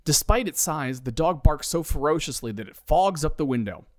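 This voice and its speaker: Male comedy narrator, wry, lively, dry close sound. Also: a little high, normal speed, dry recording.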